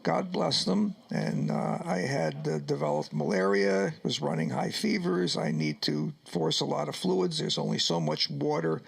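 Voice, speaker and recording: A man's voice: on the high side, expressive, unhurried, gravelly, hardly any pauses, husky. An older man from New York telling his wartime story in a radio interview, acting out the dialogue as he goes and choking up at times. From New York, United States. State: choked up at times. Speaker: Vietnam veteran guest.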